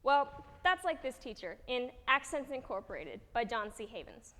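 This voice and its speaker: A woman's voice: on the high side, big pitch swings, normal speed, few pauses, sharp tone. A young woman performing a comic monologue on stage at a student coffeehouse event, in a chatty storyteller manner. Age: young adult. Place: school coffeehouse event hall. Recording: echoey hall.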